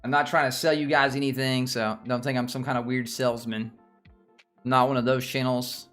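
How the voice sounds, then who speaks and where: Faint music plays behind this Southern US man as he hosts a laid-back stock livestream in a medium-pitched, level, fairly bright voice. His delivery is brisk, and he wanders, says things twice, and talks with viewers.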